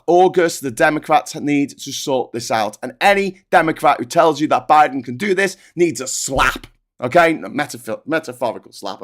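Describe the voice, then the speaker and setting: A British man hosting a political commentary livestream, animated and sarcastic, ranting with frequent restarts. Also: medium pitch.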